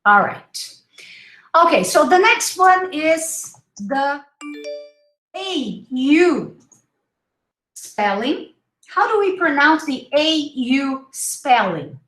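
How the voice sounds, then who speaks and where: A woman teaching English pronunciation in a live online class, slowly modeling each word and repeating it. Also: high-pitched, big pitch swings, fairly bright tone, echoey room, low-quality recording. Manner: slow, drawn-out modeling of words with repetition.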